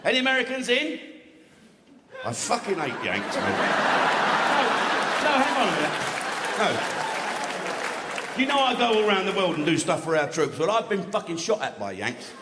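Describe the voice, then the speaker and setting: A man's voice: a little high, very animated, moderate pace, long pauses, very noisy. A man doing a stand-up comedy routine, swearing freely and chatting with the audience. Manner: crude, swearing, conversational with the audience. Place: large live comedy venue. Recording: echoey hall with crowd laughter.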